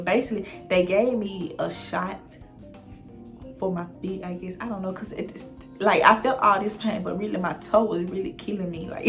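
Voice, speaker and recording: A young woman recounts a story for her viewers in a loose, animated way, swearing freely and speaking straight to them. Her voice sits at a middle pitch, and faint music plays underneath. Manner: animated, profane, addresses viewers directly. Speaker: vlogger telling a story. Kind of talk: casual storytime monologue.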